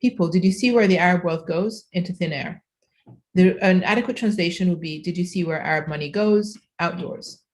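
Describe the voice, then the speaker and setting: A woman's voice: fairly low pitch, a little fast. A woman from Egypt, giving a conference keynote lecture, explaining with frequent fillers and self-corrections. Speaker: keynote speaker.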